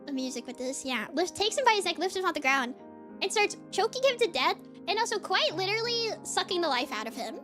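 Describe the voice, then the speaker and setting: A woman streamer chatting casually, excitedly rambling through a story recap with lots of fillers. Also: extremely high pitch, fairly quick, faint music behind.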